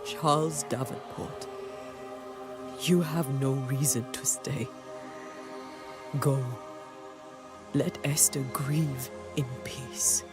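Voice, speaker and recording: An actor voicing a stern, resolute ghost hunter who speaks in a grave, measured way. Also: male voice, mid-range voice, fairly even intonation. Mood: solemn. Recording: game audio with music.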